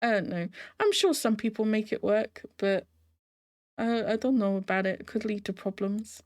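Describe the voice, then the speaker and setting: A woman's voice: medium pitch, lively intonation, normal speed, a little mellow. Chatty, emotional woman reacting to a show. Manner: chatty and emotionally invested, with frequent laughs; talks straight to the viewer with rhetorical tag questions. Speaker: reaction video host. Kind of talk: casual reaction commentary.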